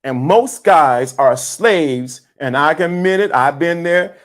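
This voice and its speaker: Preachy man on a livestream, high voice. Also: animated, slow pace. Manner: preachy, repeats himself, spells words out. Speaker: livestream host. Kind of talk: motivational livestream talk.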